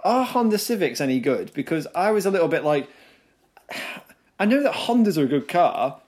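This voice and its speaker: Very animated, he talks at a moderate pace in a slightly high voice with a darkish tone. He co-hosts a podcast, chatting casually, laughing often and talking over his co-host.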